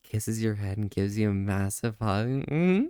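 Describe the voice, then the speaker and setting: A man's voice: fairly low pitch, expressive, unhurried, dark tone, smooth, dry recording. Playful flirty male streamer, dry sound. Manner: playful and flirty, often laughing, stammers. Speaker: livestream host. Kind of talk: casual live-stream chat.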